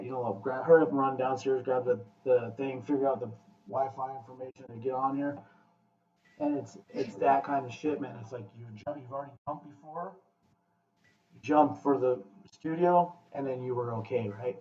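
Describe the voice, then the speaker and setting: Host type: blunt motivational man, swears freely, mid-pitched, recorded distant in a roomy space. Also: a little fast. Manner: blunt, profane, animated pep talk. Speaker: podcast host. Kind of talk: casual podcast chat. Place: room with guests. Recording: echoey, distant, muffled room mic.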